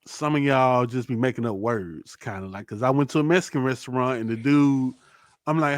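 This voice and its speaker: A man's voice: mid-range voice, brisk, no room sound, clean studio sound. A man hosting a podcast in casual chat, playfully running through a list with mock-serious verdicts. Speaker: podcast host.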